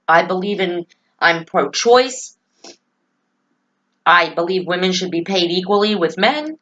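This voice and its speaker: Through a muffled recording, a woman political vlogger with a mid-range, fairly bright voice talks to camera. She discusses her own life and opinions earnestly, emotionally and with firm views.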